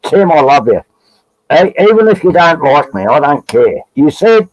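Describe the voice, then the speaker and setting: A man's voice: on the high side, big pitch swings, measured pace, rough recording. A man with an Australian accent, chatting as a guest on a live stream, rambling and joking with frequent laughs. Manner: rambling, jokey, laughs often. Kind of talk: casual live stream banter.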